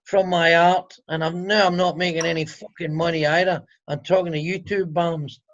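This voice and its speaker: A Glaswegian comedian from Scotland chats casually on a video call as an interview guest, sarcastic and swearing freely. His voice is fairly high and level at normal speed, and the recording has the highs cut off plus a little hiss or hum.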